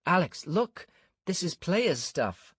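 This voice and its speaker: A man's voice: medium pitch, sing-song, moderate pace, breathy edge, no echo, pitched above the performer's own voice. A man reading an audiobook, voicing a young woman player who is brave but uneasy. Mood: urgent.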